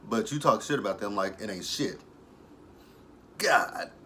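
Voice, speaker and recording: A young adult man giving a casual, profane recap of a TV episode. He tells it as an animated story and breaks into laughter often. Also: fairly low pitch, a little fast, a little hiss or hum. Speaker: TV episode reviewer.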